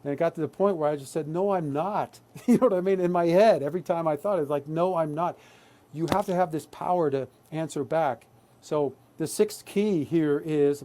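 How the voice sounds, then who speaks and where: Presenting a live online workshop, an adult man talks earnestly and often checks in with "right?". His voice is a little high and warm.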